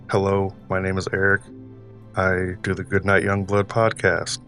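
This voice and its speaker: Deep-voiced guy, no accent, chill plain talk signing off. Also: monotone, moderate pace, a bit bright, faint music behind. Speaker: podcast host. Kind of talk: casual sign-off.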